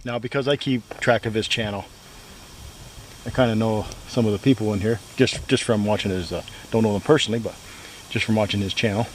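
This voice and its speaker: A man casually chatting to the camera at a campsite in the woods, rambling and repeating himself in a relaxed way. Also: on the low side, brisk. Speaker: outdoor vlogger. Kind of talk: casual solo camping vlog. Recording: outdoor recording with steady background noise.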